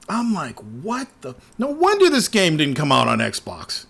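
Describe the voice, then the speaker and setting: A man hosting a casual show, ranting in an animated, profane way and trailing off into repeated words. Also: a little high, measured pace, gravelly, slightly rough. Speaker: podcast host.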